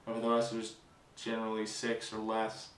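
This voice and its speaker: A young man vlogging a casual weekend recap, rambling with fillers and restarts, excited. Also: fairly low pitch, a little fast, reverberant, far from the mic, slight background noise, poor audio.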